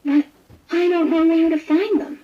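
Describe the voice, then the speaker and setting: A woman voicing a shy little female kitten in a children's storybook, timid and soft-spoken. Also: extremely high pitch, steady tone, a little slow, muffled recording, voice pushed up.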